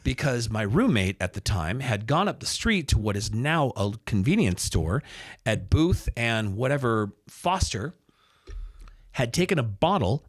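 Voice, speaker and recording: Radio host guy, 50s, mid-pitched, spins an animated anecdote, jumps into other people's voices. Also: breathy edge. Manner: lively storyteller, acts out other people's lines in quotes. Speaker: radio host and sports announcer, podcast guest.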